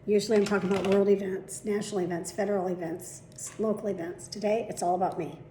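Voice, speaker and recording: A woman hosting her own daily vlog, telling her followers a story in a chatty, animated way, with casual swearing. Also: mid-range voice, quick pace, reverberant, a little hiss or hum. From United States. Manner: chatty, profane, animated retelling. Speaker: vlog host.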